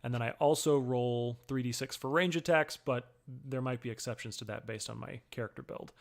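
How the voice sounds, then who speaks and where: Male co-host, mid-pitched, patient rules-explainer tone. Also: a little fast, creaky. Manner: explanatory, walks through rules with examples. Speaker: co-host and player. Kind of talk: casual chat explaining game rules.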